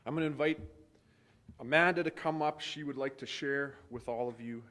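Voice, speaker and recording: A man speaking as pastor at a memorial service, telling stories of a friend with light laughter, then leading a hushed prayer. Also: medium pitch, moderate pace. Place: funeral service hall.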